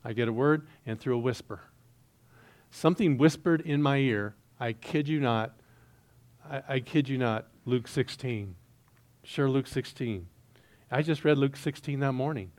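A middle-aged man preaching a sermon, telling a personal story and swinging between hushed, quiet stretches and loud, excited bursts. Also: mid-range voice, unhurried. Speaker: pastor.

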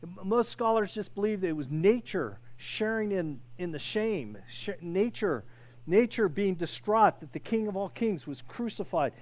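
A male pastor preaching conversationally, restarting phrases often and swelling loud to stress a point. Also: high-pitched, animated, normal speed. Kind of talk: sermon.

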